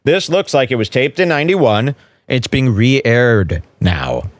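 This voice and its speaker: Sarcastic guy roasting a standup clip, average pitch, dry close mic, goes loud and mocky on impressions. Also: big pitch swings, slow pace, no room sound. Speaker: podcast host. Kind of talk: mocking commentary over a clip.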